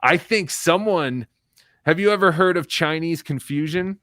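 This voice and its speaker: A man's voice: a little high, a little slow, fairly bright tone, no echo, clean studio sound. A man guesting on a casual live-stream interview, a rambling, profane comedian who tells long anecdotes.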